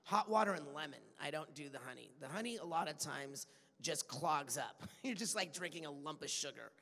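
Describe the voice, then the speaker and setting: Bright-voiced man, playful, in an echoey hall. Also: a little high, lively intonation, brisk, gravelly. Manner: chatty and playful, laughs often. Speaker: voice actor on a convention panel. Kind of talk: casual panel answers. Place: large convention hall.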